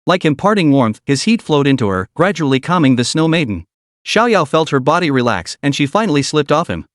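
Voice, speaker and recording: A man narrating a comic story recap in a quick, dramatic storytelling manner. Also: on the high side, very animated, dry recording, studio quality.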